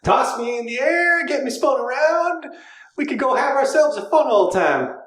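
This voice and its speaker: A man voicing a brash, flirtatious woman tavern patron in a high, drawling put-on voice at a tabletop game. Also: lively intonation, normal speed, a bit bright, echoey room. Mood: flirty.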